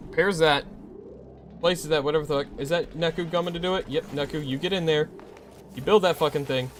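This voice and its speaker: A man's voice: on the high side, steady tone, brisk, background noise. Frustrated, foul-mouthed gaming streamer man. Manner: swears a lot, frustrated, talks to himself. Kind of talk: casual gameplay commentary.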